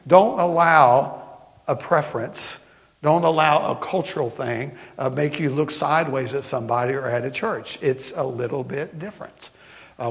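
A middle-aged man with a Southern accent, preaching a sermon as pastor in folksy storytelling style, slowing down for emphasis. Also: medium pitch, gravelly. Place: church sanctuary. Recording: long hall reverb.

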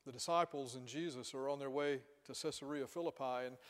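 A man's voice: medium pitch, fairly even intonation, fairly quick. A man preaching a sermon in a church, retelling a story and questioning his listeners. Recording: reverberant hall.

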